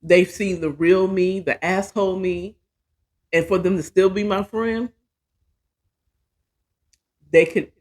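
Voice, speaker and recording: A woman's voice: on the low side, steady tone, takes it slowly, long pauses, a little mellow. A woman hosting her own show, telling a personal story in a casual, candid and profane monologue, often poking fun at herself. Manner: candid, profane, chatty and self-mocking. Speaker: podcast host.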